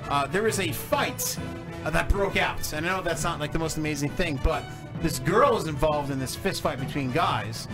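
A man's voice: a little high, normal speed, over music. A man hosting a show, laughing often and trading crude jokes. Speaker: host. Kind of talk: raunchy casual banter.

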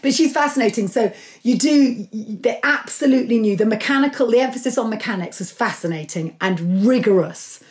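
A woman author speaking as a guest in an interview, telling history stories with enthusiasm and an animated manner. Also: fairly high pitch, brisk, hardly any pauses. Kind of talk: conversational interview.

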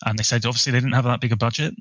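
A man co-hosting a podcast, chatting casually about a film and sharing bits of research in a relaxed way. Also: mid-range voice, racing, dry recording, rough recording. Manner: relaxed, shares researched trivia. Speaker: podcast co-host.

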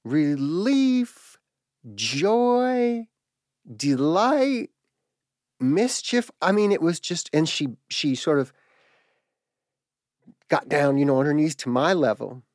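A man telling a personal story in a halting, reflective way, pausing and restarting as he searches for words. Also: fairly high pitch, dry recording, studio quality.

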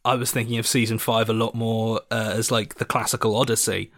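A man's voice: fairly low pitch, flat delivery, a little fast, fairly bright tone, no room sound, studio quality. A man co-hosting a casual podcast Q&A, rambling and hesitant with lots of filler words. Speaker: podcast co-host and writer.

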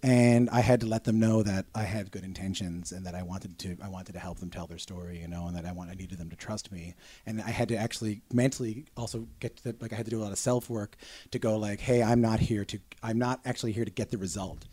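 Man, chatty guest, profane, quick to laugh, dry studio sound. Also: lowish voice, breathy edge, no room sound. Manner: swears freely, laughs a lot, animated storytelling. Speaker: podcast guest, radio interviewer. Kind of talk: casual chat.

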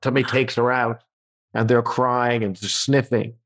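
A man's voice: medium pitch, moderate pace. A man from Newfoundland, a comedian guest, telling a story in a casual chat and acting out the voices. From Newfoundland, Canada. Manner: animated anecdote telling, acts out voices.

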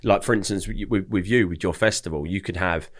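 Young male guest, very low pitch, casual rambling storyteller. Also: brisk. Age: young adult. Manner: chatty, repeats words when starting sentences. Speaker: podcast guest.

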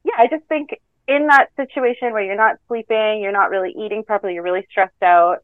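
A woman's voice: mid-range voice, fairly quick, no echo. A woman from Canada, a reality show contestant, chatting casually in a podcast interview, rambling and laughing often. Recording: dull lo-fi call audio.

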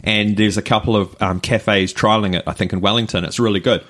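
A man's voice: lowish voice, steady tone, brisk, a bit bright. A man with a New Zealand accent, co-hosting a podcast and telling rambling anecdotes. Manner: rambling anecdotes with fillers and laughs. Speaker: podcast co-host. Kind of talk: casual chat, storytelling.

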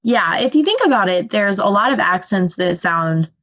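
A young adult woman co-hosting a casual book podcast, talkative and quick to laugh. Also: mid-range voice, lively intonation, highs cut off. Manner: talkative, laughs often, tells personal stories. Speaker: podcast co-host. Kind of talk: casual book discussion chat.

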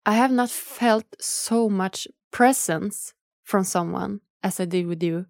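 A woman's voice: mid-range voice, slow, vocal fry, no echo, studio quality. A woman hosting a podcast in casual interview chat, talking earnestly and emotionally, with many fillers. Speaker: podcast host.

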